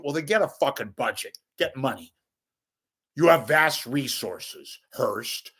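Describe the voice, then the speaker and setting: A man's voice: medium pitch, lively intonation, measured pace, a bit bright, breathy edge. Angry, profane ranting man. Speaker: local media commentator.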